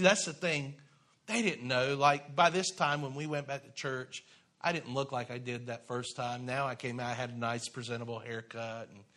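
A man preaching in church, telling his own conversion story, moving from hushed confession to loud, fervent exhortation. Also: mid-range voice. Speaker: preacher sharing testimony. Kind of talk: sermon testimony. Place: church sanctuary.

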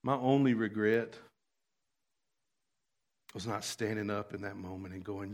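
Man, preacher, sermon, hushed asides, loud fervent passages. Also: on the low side, measured pace, pauses often.

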